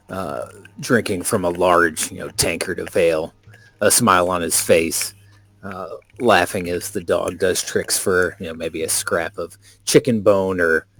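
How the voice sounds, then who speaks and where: A man describing his character's actions in a tabletop game, relaxed and with fillers. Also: low-pitched, dry recording. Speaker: player.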